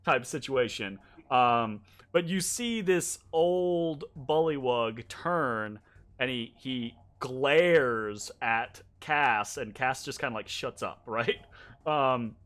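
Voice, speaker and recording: A man narrating as game master, halting and full of fillers as he describes the scene. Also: medium pitch, fairly bright tone.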